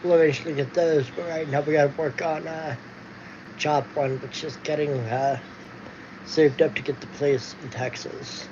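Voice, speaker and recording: In a casual home vlog, a man with a slightly high voice, fairly even intonation and normal speed rambles along with many fillers and restarts. The recording has a dull lo-fi sound with faint noise.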